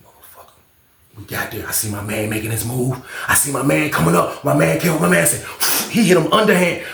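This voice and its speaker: A man telling a casual storytime tale, animated and profane, often repeating his own catchphrases. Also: a little high, fast talker, creaky, echoey room, background noise. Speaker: storyteller, channel host.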